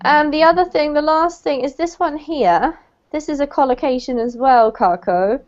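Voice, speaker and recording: Woman English tutor, encouraging, corrects stress patiently, a bit high voice, muffled call audio. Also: normal speed. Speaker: English teacher. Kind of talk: online language lesson feedback.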